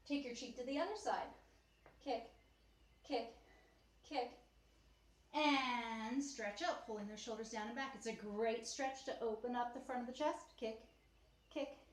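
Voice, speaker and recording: A woman teaching a beginner Pilates mat class at home, slightly out of breath, cueing moves and counting reps in an encouraging, chatty way. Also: a little high. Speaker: Pilates instructor. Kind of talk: guided mat workout cueing. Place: home room. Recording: echoey room, faint ambient noise.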